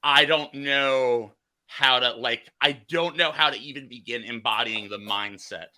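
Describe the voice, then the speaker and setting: An American man hosting a casual podcast chat, talking in halting bursts full of fillers and restarts. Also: medium pitch, pushed and bright. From United States. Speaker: podcast host.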